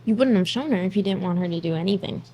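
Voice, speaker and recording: A woman's voice: mid-range voice, fast, mellow, faint music behind. A woman hosting a casual movie reaction, blunt and snarky, swearing freely.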